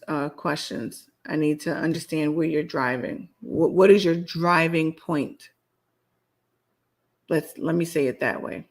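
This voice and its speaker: A woman hosting her own podcast, ranting bluntly and sassily in a solo show while answering her live chat. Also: sits low. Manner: blunt, sassy, repetitive ranting. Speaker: podcast host.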